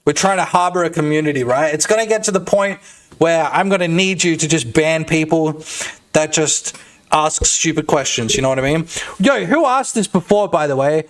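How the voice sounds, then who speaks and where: A young man live-streaming, chatting crudely and loosely to his viewers with a slightly high voice. He rambles, swears freely and tacks "you know what I'm saying" onto his jokes, speaking into a desk mic. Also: normal speed. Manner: crude, rambling and jokey, with lots of filler tags. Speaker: streamer and indie game developer. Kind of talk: casual live-stream chat.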